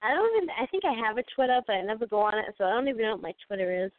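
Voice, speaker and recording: Female caller, slightly high voice, playful and chatty, on a dry tinny phone line. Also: big pitch swings, very fast, no room sound. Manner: playful, self-assured, chatty. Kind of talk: casual call-in chat.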